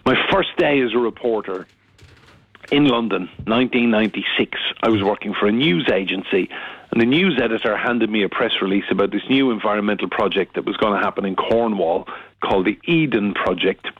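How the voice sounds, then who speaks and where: A middle-aged journalist telling a lively anecdote as a radio guest, acting out the quotes he tells. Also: lowish voice, a little fast, husky, no room sound. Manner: lively storyteller, acts out quotes. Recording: tinny phone line.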